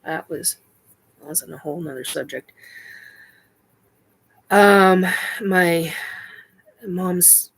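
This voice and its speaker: A middle-aged woman hosts a spiritual livestream chat, answering viewer questions haltingly with lots of ums and self-corrections. Her voice is lowish, creaky, and husky, and the audio quality is poor.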